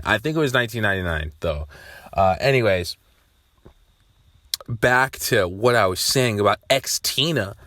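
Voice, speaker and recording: A young man talking to camera in a loose, rambling way, swearing freely and breaking into loud outbursts. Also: on the low side, no echo. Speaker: vlogger. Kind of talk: casual rambling monologue.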